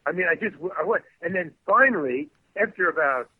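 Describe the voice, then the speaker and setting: A man's voice: a little high, lively intonation, brisk, husky, no room sound. A man telling a story in casual chat, stammering and restarting as he acts out the quotes. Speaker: guest actor telling a story. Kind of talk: casual anecdote, animated. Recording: dry, phone-like narrow sound.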